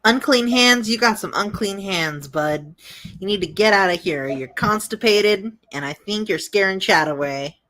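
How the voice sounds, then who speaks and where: A woman's voice: medium pitch, expressive, normal speed, a bit bright, no room sound. A woman hosting a casual livestream chat, teasing her co-host and laughing often. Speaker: stream host.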